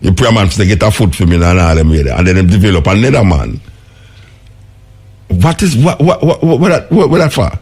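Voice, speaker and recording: A man with a Jamaican accent who hosts a radio show and chats casually and animatedly, with a raspy voice, often laughing and repeating words. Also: on the low side, sing-song, a little fast, darkish tone. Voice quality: raspy, gravelly. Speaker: radio host. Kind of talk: casual on-air chat.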